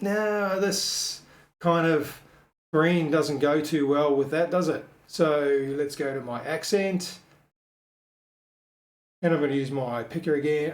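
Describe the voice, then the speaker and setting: A man casually walking through a screen-share design tutorial, thinking aloud with frequent ums and quick self-corrections. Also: on the high side. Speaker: web designer teaching a tutorial. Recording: echoey room.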